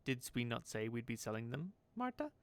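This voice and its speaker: A man's voice: mid-range voice, very animated, brisk, vocal fry, clear, resonant tone, dry recording. A man voicing a sour, muttering female corpse-picker who chatters to herself in a sing-song voice and calls herself by name.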